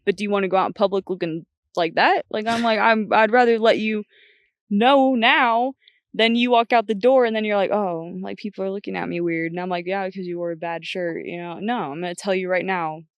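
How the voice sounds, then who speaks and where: A woman's voice: medium pitch, fairly even intonation, a little fast, no echo, highs cut off. A young woman guest on a podcast, talking bluntly and chattily, often quoting herself. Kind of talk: casual chat.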